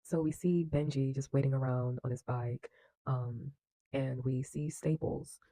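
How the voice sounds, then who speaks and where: A man's voice: medium pitch, steady tone, a little slow, mellow, dry recording, rough recording. A man casually retelling a film plot in a loose, chatty way, with lots of fillers and acted-out lines. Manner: acts out characters' lines with bursts of energy. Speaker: film reviewer.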